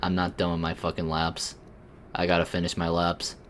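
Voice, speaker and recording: A man giving crude, mocking commentary while playing a video game, breaking into sudden yelps and shouts. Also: deep voice, completely flat delivery, moderate pace, slight background noise. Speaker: gaming streamer. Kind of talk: profane let's-play commentary.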